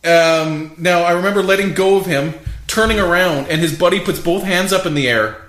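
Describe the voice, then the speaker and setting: A man's voice: high-pitched, normal speed, fairly bright tone. A man animatedly telling a story in casual chat, often laughing as he talks. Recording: roomy echo with faint hiss.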